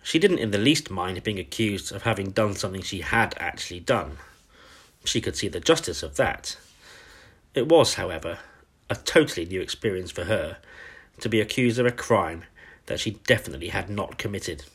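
A man narrates a children's audiobook with expressive, dramatic storytelling. His voice sits low and has a husky, slightly breathy grain. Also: moderate pace.

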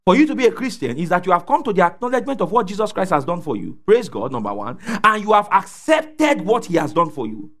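A man preaching a sermon, calling out questions for the congregation to answer and rising to shouts at the peaks. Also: high voice, sing-song, fast, few pauses. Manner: call-and-response preaching, asks congregation to fill in words.

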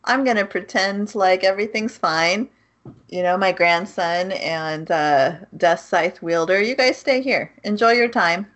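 A woman's voice: on the low side, measured pace, fairly bright tone. A woman voicing an old male vampire grandfather, offhand and dismissive, in a casual recap. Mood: breezy.

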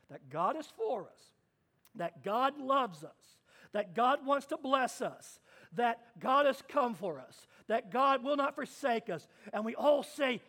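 A man's voice: extremely high pitch, very animated, unhurried, a bit bright. A man pastor preaching a sermon to his congregation, dramatic and emphatic, repeating key phrases.

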